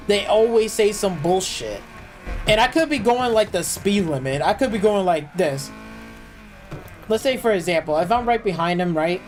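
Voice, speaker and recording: A man's voice: high voice, low-quality recording. Profane ranting man streaming gameplay. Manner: loose, filler-heavy, restarts. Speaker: gaming streamer. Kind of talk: live gameplay commentary.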